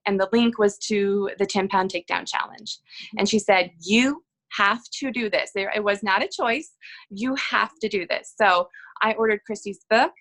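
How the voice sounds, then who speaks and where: A woman in her thirties telling her own story in a casual interview, earnest and halting, with frequent ums and restarts. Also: mid-range voice, a bit bright, poor audio. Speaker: guest sharing her health story.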